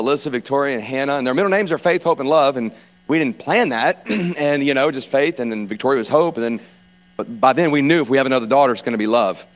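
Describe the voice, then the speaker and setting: Speaking with a South Louisiana accent, this guest preacher in his forties, who comes from South Louisiana, delivers a loose, jokey sermon at medium pitch. He keeps clearing his throat.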